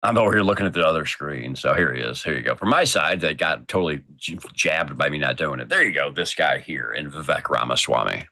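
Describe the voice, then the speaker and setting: Very deep gravelly man chatting. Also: lively intonation, fairly quick, few pauses, pushed and bright, no echo. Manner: rambling, joking, trails off. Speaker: co-host. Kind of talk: casual chat.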